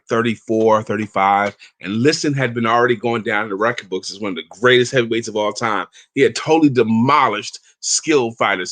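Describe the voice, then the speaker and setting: A man's voice: mid-range voice, a bit bright, no room sound. A man in his fifties hosting an inspirational talk, telling stories and reading aloud in an emphatic, chatty way. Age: 50s. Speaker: motivational talk host.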